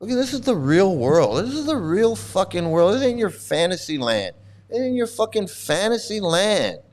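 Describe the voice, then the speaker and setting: A man's voice: high-pitched, very animated, moderate pace. A middle-aged man ranting angrily at a video he is reacting to, abrasive and mocking, swearing constantly. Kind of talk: angry profane rant.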